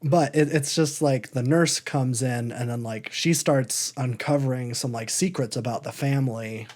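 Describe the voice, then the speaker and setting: Dude rambling on a podcast, wry and hedgy, lots of trailing off, mid-pitched voice. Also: male voice, moderate pace, darkish tone. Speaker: podcast co-host. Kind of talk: casual chat.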